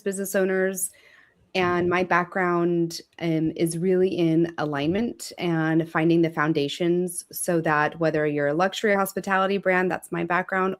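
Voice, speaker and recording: A woman, a business growth strategist, giving an upbeat and polished introduction of her work as a guest on a live show. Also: fairly low pitch.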